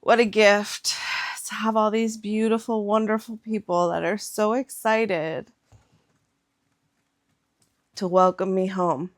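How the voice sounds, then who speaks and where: A woman's voice: medium pitch, flat delivery, slow, long pauses. A woman hypnotherapist in a casual reflective vlog, meandering and spiritual, saying "like" often.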